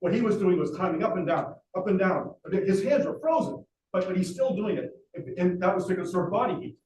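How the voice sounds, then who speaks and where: A man with a fairly high voice tells a history as a gripping story, stopping often for "uh" fillers. He sounds set back from the microphone in a roomy space with echo, and a faint hiss runs underneath. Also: animated, fairly quick, a little mellow, far from the mic. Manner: dramatic storyteller with frequent "uh" fillers. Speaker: lecturer. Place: library talk room.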